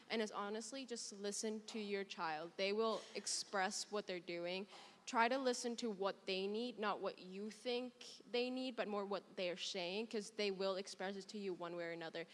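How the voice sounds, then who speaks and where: A woman's voice: mid-range voice, fairly even intonation, moderate pace. Earnest young woman in a reverberant hall. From abroad. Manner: emotional, candid, earnest. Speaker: student panelist. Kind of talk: personal story on a panel. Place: performing arts hall. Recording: long reverb in a large hall.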